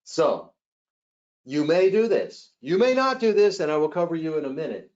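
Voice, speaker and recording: A man leading a live hospitality sales training webcast, animated and acting out callers and agents in quick role-plays. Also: fairly high pitch, dull audio. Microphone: webcast mic.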